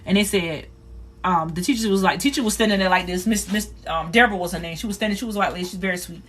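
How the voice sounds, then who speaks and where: A woman on a phone livestream, telling a painful personal story in a rapid, repetitive, earnest way. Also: lowish voice. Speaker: livestream host.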